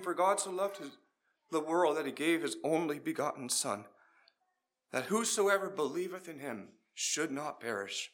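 A middle-aged man preaching an evangelistic sermon, telling a story and then urging his listeners, swinging between loud pleading and quiet emphasis. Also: fairly high pitch.

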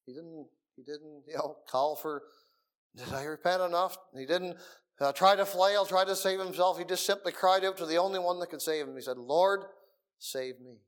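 A middle-aged man preaching a sermon in a meeting room, earnest, dropping to soft murmurs and rising again for emphasis. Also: fairly high pitch, fairly even intonation, moderate pace.

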